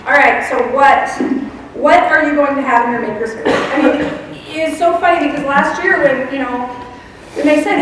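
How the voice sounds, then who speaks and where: A woman's voice: high voice, brisk, fairly bright tone. A woman with a slightly raised voice talks to a room in a chatty, rambling way, laughing at herself as she goes. She is picked up from far off in a big hall, with long reverb and faint noise behind her. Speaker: teacher librarian presenting. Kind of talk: conference presentation.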